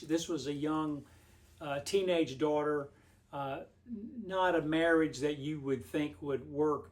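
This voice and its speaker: A man, a pastor giving a devotional message in a homespun, storytelling way. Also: a little high. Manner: homespun, rambling storyteller with frequent restarts.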